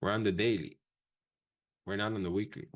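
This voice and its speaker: A man with a very low voice runs a live trading class. He talks quickly and casually, dropping profanity as he explains each step to his students. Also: fairly even intonation. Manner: fast, profane, casual coaching talk. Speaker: trading instructor. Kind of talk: live-streamed trading lesson.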